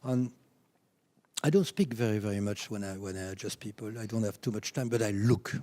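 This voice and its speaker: A man with a French accent, a chiropractor giving a reflective, slightly halting conference talk. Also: fairly low pitch, dark tone. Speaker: chiropractor, keynote speaker.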